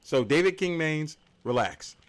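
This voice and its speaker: A man's voice: fairly high pitch, lively intonation, measured pace. A man hosting a livestreamed game tournament, explaining the rules with joking asides. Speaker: tournament host and caster.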